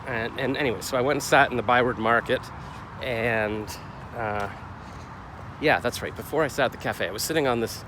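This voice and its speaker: A middle-aged man talks to his camera in a loose, rambling vlog, second-guessing himself as he goes. His voice sits at an ordinary pitch for a man. Traffic and city noise carry clearly behind him. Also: fairly quick. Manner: rambling, self-questioning, gets heated retelling the clash. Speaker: vlogger. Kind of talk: casual confessional vlog.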